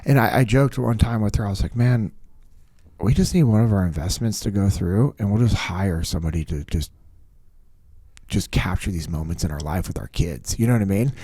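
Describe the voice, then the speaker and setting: A man with a low-pitched voice chats casually on a podcast and tells a personal story. He acts out what people said and trails into fillers as he goes. The sound is dry and close, with no room around it. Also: a little fast, no echo. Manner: animated storyteller, acts out quotes, many fillers. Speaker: podcast guest. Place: podcast studio.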